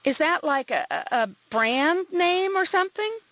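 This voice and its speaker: A woman's voice: very high voice, lively intonation, fairly bright tone, no echo, voice pushed up, heavily acted. Woman putting on a weak, queasy young detective. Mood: unsure. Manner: weak, halting voice.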